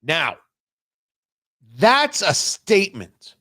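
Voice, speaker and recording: A male talk show host delivering opinionated political commentary. His voice sits high and swings widely in pitch, and he leans hard on key words with drawn-out pauses. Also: wildly swooping pitch, sharp tone.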